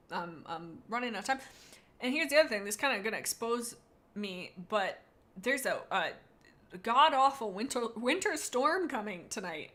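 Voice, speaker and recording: A woman's voice: on the high side, pushed and bright. A woman chatting on a live stream, rating viewers' cats, reading chat aloud in a bubbly, rambling, playful way.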